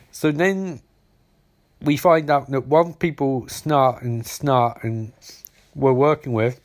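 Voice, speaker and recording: A man's voice: medium pitch, slow pace. Man rambling through a sarcastic TV recap. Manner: rambling, sarcastic, frequent fillers. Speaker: TV episode reviewer. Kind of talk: casual episode recap.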